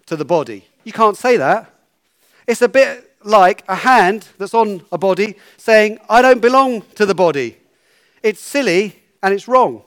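A man's voice: sits high, expressive, unhurried, a bit bright, dry recording, studio quality. A man leading a children's talk in church, playful and coaxing, giving instructions.

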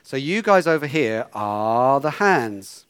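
A man's voice: medium pitch, big pitch swings, slow, fairly bright tone, clean tone, dry recording. A man leading a children's talk in church, playful and coaxing, giving instructions.

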